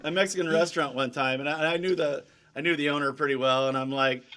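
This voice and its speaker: A man's voice: fairly high pitch, fairly even intonation, quick pace, noisy background. A man in crude, casual podcast banter who tells stories and drops into silly impressions.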